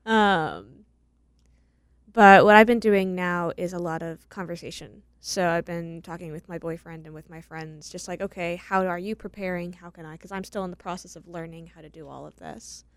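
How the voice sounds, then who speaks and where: A woman's voice: on the low side, fairly even intonation, normal speed, clean tone, dry recording. A young adult woman guesting on a talk show, speaking thoughtfully with some hesitation. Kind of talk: casual talk show chat.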